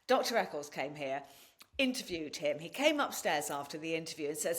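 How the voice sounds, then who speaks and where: A woman guest on a podcast interview, telling her own story in a candid, blunt and animated way, swearing freely. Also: low voice, fairly quick. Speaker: podcast guest and wellness practitioner.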